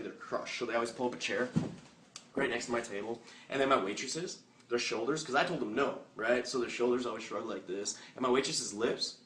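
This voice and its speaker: Fast-talking man pitching to a room. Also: a bit bright. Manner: punchy, joking, fired-up delivery. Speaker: network marketing presenter. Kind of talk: motivational recruiting talk. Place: meeting room with a live audience. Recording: echoey room, distant mic, faint hiss.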